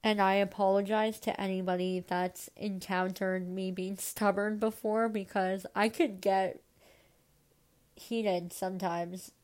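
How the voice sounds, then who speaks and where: Woman, podcast host, congested, slightly nasal, rambling casual chat, self-deprecating, mid pitch. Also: flat delivery, measured pace, darkish tone. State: stuffed up, congested.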